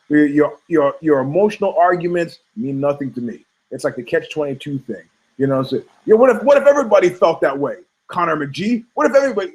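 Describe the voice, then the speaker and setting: A middle-aged man co-hosting a podcast, who talks in a lively, opinionated way. He tells stories with a fair amount of animation and plays out the people he quotes in changing voices. His voice sits a bit higher than most men's. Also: low-quality recording. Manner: animated storytelling, acts out quoted voices, frequent laughs. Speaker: podcast co-host. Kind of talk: casual opinionated talk.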